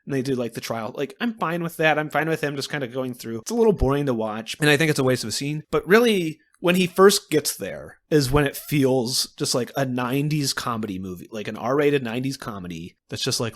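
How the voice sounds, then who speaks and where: A man co-hosting a podcast in casual chat, animated, swearing and laughing as he acts out quotes. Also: medium pitch, brisk, hardly any pauses. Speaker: podcast co-host.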